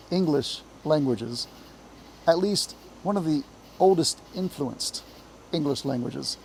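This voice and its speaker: A man's voice: on the high side, a little hiss or hum, poor audio. Appalachian man reading a storybook aloud. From Appalachia, US South. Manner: measured, expressive storytelling. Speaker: reader, teacher. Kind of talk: reading a children's book aloud.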